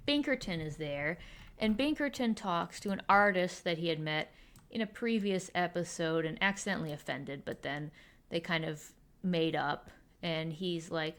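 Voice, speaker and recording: A woman's voice: fairly low pitch, a bit bright. A woman giving a casual, sarcastic recap of a period drama while drawing, briefly acting out the characters. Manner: wry, sarcastic, acts out characters in quick voices. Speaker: recap host.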